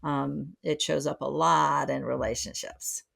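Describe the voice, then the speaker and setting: A woman's voice: low voice, steady tone, unhurried, vocal fry, fairly bright tone. A middle-aged woman speaking as a psychotherapist guest on a podcast, reflective and full of fillers and restarts. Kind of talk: conversational podcast interview.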